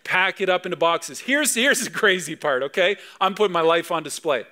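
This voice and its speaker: A man from Canada in his thirties preaching a sermon in a high, bright voice. He talks in a conversational, storytelling way and rises with animation at key moments. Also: animated, brisk. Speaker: pastor.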